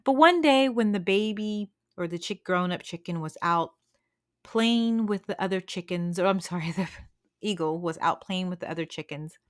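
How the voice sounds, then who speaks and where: A woman hosting an encouraging podcast, telling a story in an unhurried, dramatic way with frequent restarts. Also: lowish voice. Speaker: podcast host. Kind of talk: storytelling devotional talk.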